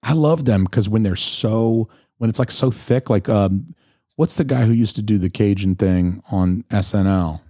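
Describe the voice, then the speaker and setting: Guy from atlanta hosting a podcast, lowish mellow voice, crude laid-back talk, dry close mic. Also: normal speed, dry recording. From Atlanta, US South. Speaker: podcast host. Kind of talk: casual podcast chat.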